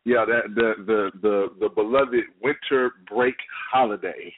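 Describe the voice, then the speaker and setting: Laid-back guy co-hosting, lowish voice, sounds like a phone line. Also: a little slow. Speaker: co-host. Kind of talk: casual chat.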